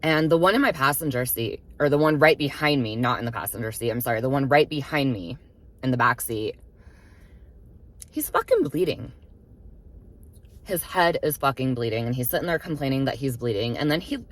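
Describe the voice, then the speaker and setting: Young woman vlogger, low voice, very expressive pitch, blunt and profane storytelling. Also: fairly quick. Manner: emphatic, swears freely, animated retelling. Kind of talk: casual storytime monologue.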